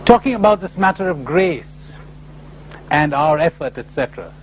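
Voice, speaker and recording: A man's voice: moderate pace, slight background noise, rough recording. A man giving a spiritual lecture, telling stories and jumping into characters' voices. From India. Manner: animated storyteller, voices characters with sudden high pitch jumps.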